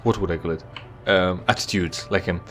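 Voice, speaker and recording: A man's voice: deep voice, fairly quick, loud music behind the voice. A man giving casual, joking commentary while playing a game, rambling with stammered restarts. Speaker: let's play gamer.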